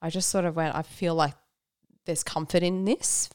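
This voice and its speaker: A woman's voice: on the low side, steady tone, normal speed, a little mellow, smooth, dry recording, studio quality. A woman speaking candidly and reflectively in a casual conversation about her faith, often laughing and using fillers. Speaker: guest.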